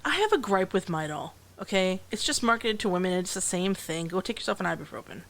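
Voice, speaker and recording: A co-host in their thirties on a casual podcast. They chime in with quick reactions and jokey asides, and their voice sits in a middle pitch. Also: expressive, a bit bright. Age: 30s. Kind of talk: casual chat.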